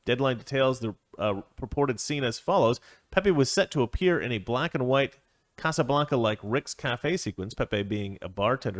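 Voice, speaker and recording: Sarcastic man hosting commentary. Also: medium pitch. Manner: sarcastic, laughing, digressive. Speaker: commentary host. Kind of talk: opinion commentary.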